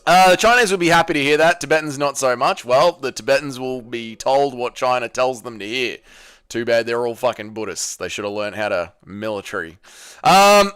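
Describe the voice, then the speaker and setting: A man's voice: mid-range voice, animated, moderate pace, a bit bright, smooth. Crude, joking young man streaming live. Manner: crude, joking, swears a lot. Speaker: livestream host. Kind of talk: casual livestream chat, reading viewer messages aloud.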